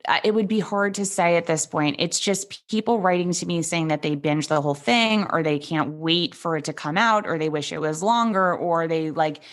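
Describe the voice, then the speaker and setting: A woman from New York with a New York accent and vocal fry, a comedian chatting animatedly as an interview guest. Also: low-pitched, moderate pace, few pauses. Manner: animated, self-deprecating storytelling. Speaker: comedian and podcast host guest. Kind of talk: casual interview chat.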